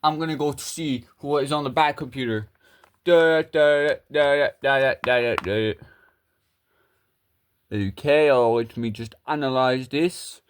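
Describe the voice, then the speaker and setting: A man performing a crude, improvised comedy skit with toys, swearing and rambling as his voice jumps between high and low. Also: fairly even intonation, a little slow, clean tone.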